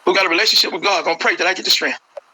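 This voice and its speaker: A man's voice: sits high, racing, bright, forceful tone, slight background noise, low-quality recording. A man, a grieving father, speaking with passion and repeating his words in an interview. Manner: impassioned, repeats phrases. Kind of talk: emotional phone interview.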